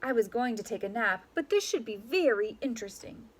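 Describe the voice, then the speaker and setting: A woman's voice: a little high, animated, a little fast. A woman voicing a curious female cat in a picture book read aloud, sounding drowsy but interested.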